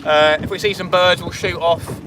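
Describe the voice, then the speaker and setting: Loud wind and engine noise wash over the camera mic as a young man live-streams from a small inflatable boat at sea. The fishing vlogger's voice sits fairly high, with fairly even intonation and normal speed, as he jokes and banters between fishing plans.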